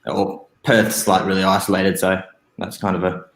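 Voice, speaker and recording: A man's voice: low-pitched, little pitch movement, moderate pace, vocal fry, a bit bright, reverberant. A man with an Australian accent joining a chat remotely, modest and hesitant with many fillers. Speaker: caller. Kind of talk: casual chat.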